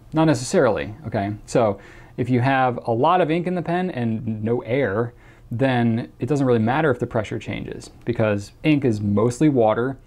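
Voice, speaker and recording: Hosting a laid-back Q&A show, a man with a mid-range, darkish voice chats along with plenty of fillers and restarts. He reads a viewer's question aloud in a mock accent.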